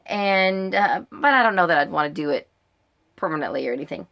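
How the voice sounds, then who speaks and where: A woman's voice: fairly low pitch, expressive, a little fast, fairly bright tone. A middle-aged American woman casually answering a list of questions in her book vlog, chatty and rambling with frequent ums and uhs. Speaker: book vlogger.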